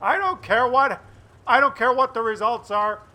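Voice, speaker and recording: A man commentating a tank game replay, animated and loud at big moments. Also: extremely high pitch, moderate pace. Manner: animated, shouts and laughs at big shots. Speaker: gameplay commentator.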